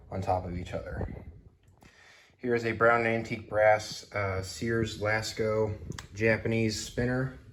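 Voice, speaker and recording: A man's voice: on the low side, a little hiss or hum. A man casually walking through his house and garage, listing ceiling fans from his collection as he films, rambling with fillers and a little out of breath. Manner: rambling, cataloguing items aloud with fillers. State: slightly out of breath. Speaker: ceiling fan collector giving a home tour. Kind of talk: casual walkthrough vlog. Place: house, garage and storage rooms.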